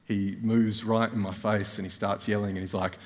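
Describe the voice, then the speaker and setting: A man's voice: lowish voice, flat delivery, normal speed. A man with an Australian accent preaching a sermon as a guest speaker, telling a personal story with wry, self-mocking asides. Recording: reverberant church hall.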